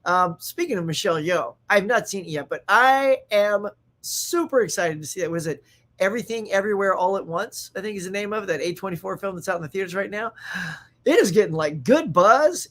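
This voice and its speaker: A man hosting a casual live-stream chat about movies and TV. He rambles excitedly, laughs often and reacts to viewer comments. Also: high voice. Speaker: host.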